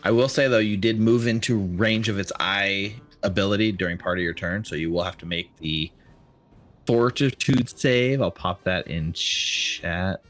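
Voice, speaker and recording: A man runs a tabletop game with a fairly low voice, patient as he explains the rules. He double-checks each player's choice. Soft music plays faintly behind him. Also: normal speed. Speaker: game master. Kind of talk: running a tabletop game online.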